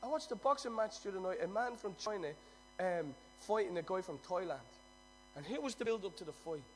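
High-voiced preacher, hushed to rousing. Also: male voice, animated, a little fast, slight background noise, low-quality recording. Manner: swings from hushed storytelling to loud emphatic preaching. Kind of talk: sermon.

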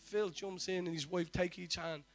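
A man's voice: sits high, steady tone, normal speed, soft background music. A man preaching a sermon, telling a testimony with fervent, repeated declarations.

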